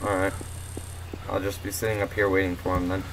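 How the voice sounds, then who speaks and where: A teenage boy calling out plays in a casual game chat, excitable and teasing. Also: low voice, a little fast. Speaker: gamer.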